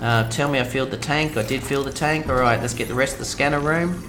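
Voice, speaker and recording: A man's voice: medium pitch, fast talker, background noise. An Australian man chatting casually with viewers as he live-streams a video game, rambling and friendly. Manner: chatty, rambling, talks to viewers while playing.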